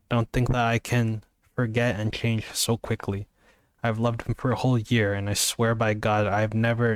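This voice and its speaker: Man reading as a tearful young woman, pleading, halting, low flat voice, dry sound. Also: clean tone, no echo, lightly acted. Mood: earnest. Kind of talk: amateur book reading.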